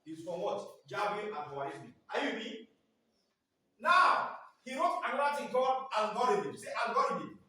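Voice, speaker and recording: A man's voice: high voice, big pitch swings, normal speed, pushed and bright. A man teaching a class, prompting pupils to finish his sentences in a call-and-response lecture. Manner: repeatedly prompts the class to fill in words. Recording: echoey classroom from far off.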